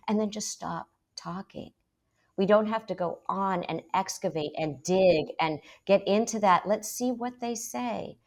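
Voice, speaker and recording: A woman talking in a lively debate about parenting, emphatic and quick to act out how parents speak. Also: fairly low pitch. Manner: emphatic, quick to mimic parents in put-on voices.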